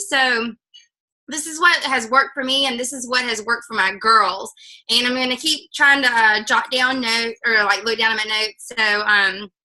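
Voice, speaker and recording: A woman giving tips to a sales team over a video call, speaking slowly and hesitantly with many fillers. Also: a little high, pushed and bright, low-quality recording. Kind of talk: casual presentation.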